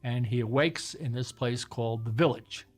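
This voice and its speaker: A man's voice: mid-range voice, normal speed, faint music behind. A man hosting a casual chat, retelling old TV shows in a rambling, hesitant way with many fillers. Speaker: host.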